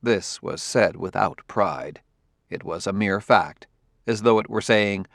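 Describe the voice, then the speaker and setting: Audiobook narrator: man, low, gravelly, dry close sound, even delivery. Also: a little slow, no echo.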